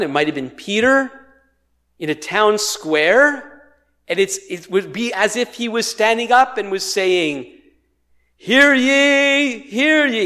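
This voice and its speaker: High-voiced, deliberate male preacher. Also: a bit bright. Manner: dramatic, acts out proclamations with rising emphasis. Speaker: pastor. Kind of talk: sermon. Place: church in Ottawa, Canada.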